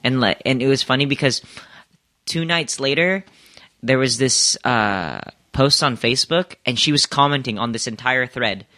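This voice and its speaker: A podcast guest, a man telling a personal story in a casual way. His voice is bright and dry, and he stumbles and repeats words as he goes. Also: medium pitch, normal speed, dry recording. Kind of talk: casual chat.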